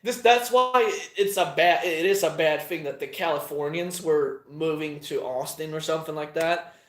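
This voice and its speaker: A man's voice: a little high, a bit bright. A man talking casually in a rambling monologue, swearing often and trailing off with plenty of fillers. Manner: profane, meandering, halting with many fillers. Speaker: channel host. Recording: echoey room.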